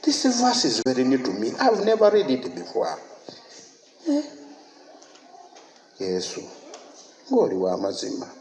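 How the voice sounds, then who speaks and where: A man from Uganda preaching a sermon as pastor, animated and emphatic, breaking into laughter and shouts. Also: mid-range voice, unhurried, long pauses. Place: church. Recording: echoey church hall, faint noise.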